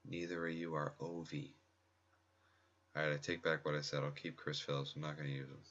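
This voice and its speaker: A man giving quiet, rambling casual commentary at home during a game pack opening, often restarting his sentences. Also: very deep voice, level tone, a little fast, muffled recording. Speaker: gaming video creator. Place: home room at night next to a laptop. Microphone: laptop mic close by.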